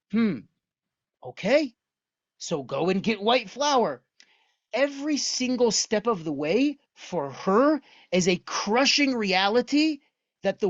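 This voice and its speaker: A man teaches an online lesson and tells its story with animated energy and frequent rhetorical questions. The recording sounds dull and lo-fi. The room is dry, with no echo. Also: high voice. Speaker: lecturer on Jewish texts.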